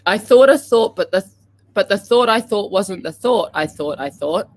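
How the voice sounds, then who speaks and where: A woman's voice: medium pitch, animated, darkish tone. A woman co-hosting a casual morning livestream, playful and laughing easily as she stumbles through tongue twisters. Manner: giggly, playful, reads tongue twisters slowly. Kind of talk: casual chat.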